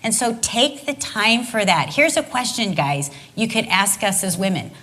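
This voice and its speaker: A middle-aged woman sharing candid stories in conversational church teaching on marriage, animated and expressive as she talks. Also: mid-range voice, moderate pace.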